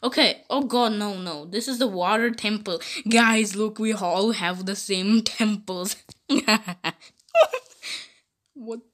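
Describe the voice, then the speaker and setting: A woman playing through a mobile game while voicing bickering cartoon characters, often giggling. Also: medium pitch. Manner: giggly, bickering, slow-spoken. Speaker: game video maker voicing her characters. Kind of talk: playful role-play over gameplay.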